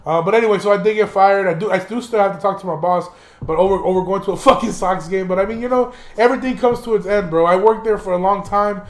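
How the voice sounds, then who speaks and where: Young male podcast host, high-pitched, loose and profane storyteller, roomy echo. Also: quick pace. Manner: profane, rambling, laughs while telling. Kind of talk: casual storytelling monologue.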